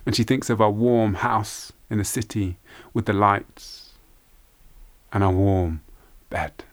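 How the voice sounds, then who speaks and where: Guy telling a fairy tale real slow and low, soft and hushed. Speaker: storyteller. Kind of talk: oral folk-tale storytelling.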